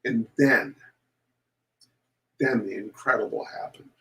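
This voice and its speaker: A man reading a children's story aloud to an audience, animated and showing pictures as he goes. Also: medium pitch, slow, low-quality recording.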